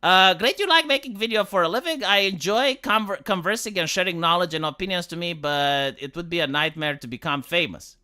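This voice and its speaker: A woman with a Romanian accent and a squeaky voice, ranting heatedly on a casual live stream and often stumbling over repeated words. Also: brisk, hardly any pauses, sharp tone. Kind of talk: casual livestream chat.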